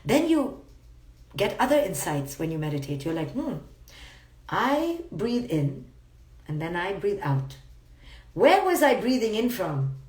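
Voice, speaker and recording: A woman's voice: medium pitch, very animated, a little slow, darkish tone. Emphatic woman in an echoey room. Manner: emphatic, repeats key words, playful and blunt. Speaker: psychologist and motivational speaker. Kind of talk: live-streamed motivational talk. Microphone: phone live stream. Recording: roomy echo.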